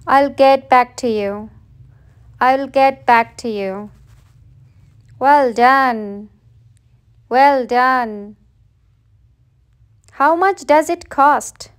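A woman English teacher reading short everyday phrases aloud for learners, saying each one slowly and plainly, often twice. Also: high voice. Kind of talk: slow read-aloud phrase drill.

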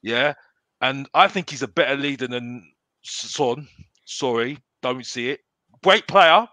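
Man, casual fan chat, halting restarts, bright voice, dry close sound. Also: mid-range voice, fairly even intonation, dry recording. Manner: rambling, repeats himself, halting restarts. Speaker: fan panelist.

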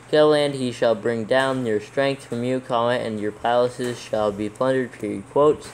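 A man's voice: medium pitch, fairly even intonation, darkish tone, slight background noise, low-quality recording. Man dictating text with punctuation. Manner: reads slowly, calling out punctuation and capitals. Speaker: proofreading reader. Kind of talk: dictating scripture text aloud.

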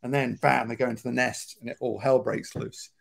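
A man's voice: mid-range voice, level tone, brisk, creaky. A man who writes about film, giving thoughtful, explanatory commentary on a movie over a remote video call.

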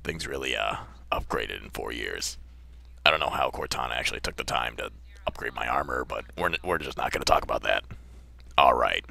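A man voicing a gruff, cocky, crude armored super-soldier in a deep gravelly put-on voice, giving comedic gameplay commentary. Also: expressive, a little fast, sharp tone, heavily acted. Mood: swaggering. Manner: brash, profane, yelps when startled. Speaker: let's play gamer.

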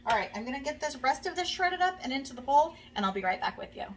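A woman's voice: high-pitched, very animated, fast. Chatty woman cooking in her home kitchen. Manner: friendly, rambling, many fillers, talks to viewers. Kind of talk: casual chatty cooking demo. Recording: faint background noise, a bit distant from the mic.

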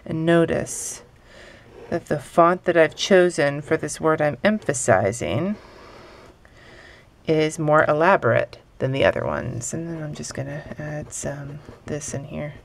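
Drawing as she goes, a young adult woman teaches hand lettering in a casual, offhand way, often poking fun at herself. She speaks a little slowly in a low register with vocal fry.

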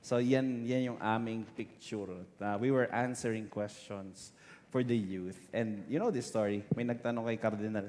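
A man's voice: fairly low pitch, fairly even intonation, normal speed, a little mellow. Filipino man preaching in a large hall. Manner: switches between English and Tagalog, emotional and earnest. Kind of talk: sermon. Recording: hall reverb with faint music.

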